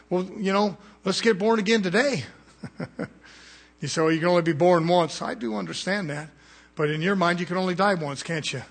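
A man preaching a fiery sermon, swinging from quiet asides to shouted peaks. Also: high voice, normal speed.

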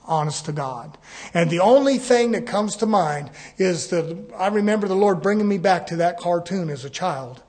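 A man preaching a sermon, telling folksy stories and rising into fervent shouts. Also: high voice, normal speed. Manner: folksy storytelling.

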